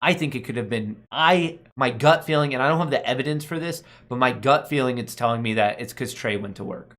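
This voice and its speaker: A man's voice: medium pitch, a little fast, a bit bright. A young man hosting a casual stock market live stream, reading his chat aloud and joking around with slangy banter and frequent laughs. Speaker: stock market livestream host.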